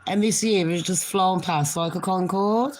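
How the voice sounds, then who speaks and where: Nursing a cold and a cough, a middle-aged vlogger chats casually and cheekily to camera in a rambling way. Her voice is on the low side and a little slow, and a little hiss or hum can be heard.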